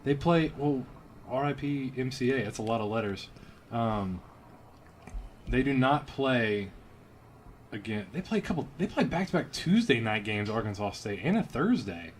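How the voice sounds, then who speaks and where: A man from Louisiana co-hosts a casual sports podcast. He rambles and cracks jokes, thinking out loud mid-sentence and trailing off. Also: mid-range voice, very animated, moderate pace, a little hiss or hum. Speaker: podcast co-host.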